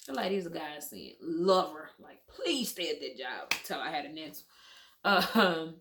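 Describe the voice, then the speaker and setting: A woman's voice: lowish voice, expressive, moderate pace, fairly bright tone. A young adult woman telling her birth story to viewers in a candid, emotional, casual storytime, swearing freely.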